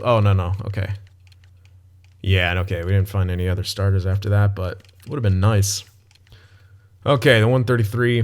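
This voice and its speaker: A young man with a fairly low voice talks through his video game session, thinking out loud in a loose, casual way. He swears freely and breaks into sudden excited outbursts. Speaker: gaming channel host. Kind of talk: casual gameplay commentary.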